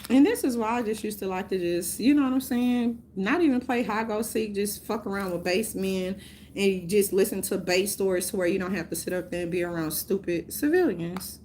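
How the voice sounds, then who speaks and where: A woman's voice: medium pitch, moderate pace, darkish tone, slight background noise. A woman ranting casually to her viewers, rambling and profane, often breaking into laughter. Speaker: vlogger.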